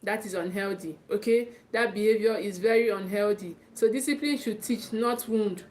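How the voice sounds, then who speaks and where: A woman's voice: mid-range voice, moderate pace, a little mellow. A woman with a Nigerian English accent coaching parents in a live talk, emphatic, often repeating and restarting her phrases and checking in with "okay".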